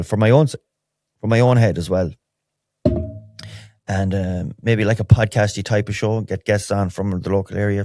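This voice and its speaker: Deep-voiced Irish man rambling candidly. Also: vocal fry, a little mellow, dry recording, clean studio sound. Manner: rambling, candid and wry, many restarts. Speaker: podcast host. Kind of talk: solo podcast, casual chat.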